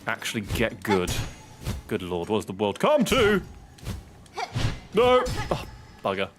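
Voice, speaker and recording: A man's voice: on the low side, moderate pace, over music. A man with an English accent giving casual commentary as he plays a game, yelping and swearing at each setback. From England. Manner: excitable, yelps and swears at setbacks. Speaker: streamer.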